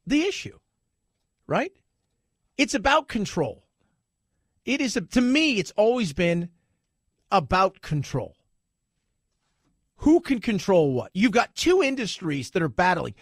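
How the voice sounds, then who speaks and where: A man's voice: very high-pitched, fairly bright tone, dry recording, studio quality. A man hosting talk radio, giving an opinionated, sarcastic monologue and putting on mocking voices now and then. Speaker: radio talk show host.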